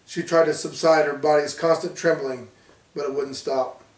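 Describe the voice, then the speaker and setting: A man reading his own horror story aloud with a steady storytelling delivery. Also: a little high, normal speed. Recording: roomy, distant from mic.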